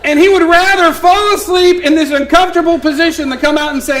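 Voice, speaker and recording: A man in his thirties, a preacher telling a humorous family story in a sermon, animated, swinging from hushed asides to loud punchlines. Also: very high voice, fairly quick, hardly any pauses, a faint crowd, a little hiss or hum, rough recording.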